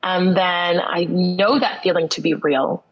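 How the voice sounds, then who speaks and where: A woman's voice: on the low side, fairly even intonation, measured pace, breathy edge, lo-fi sound. Earnest woman telling a personal story. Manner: earnest and reflective, with repeated phrases for emphasis. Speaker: guest.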